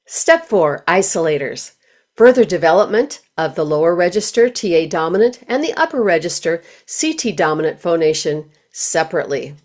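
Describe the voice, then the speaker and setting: A woman voice teacher giving scripted instructional narration, speaking in a clear, measured, explanatory way. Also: on the low side, very animated.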